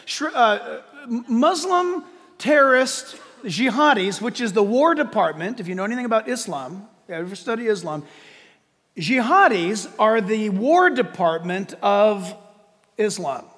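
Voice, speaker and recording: A man's voice: high voice, big pitch swings, measured pace, a bit bright, big-room sound. A man preaching a sermon, emphatic and repeating key words for stress. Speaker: pastor.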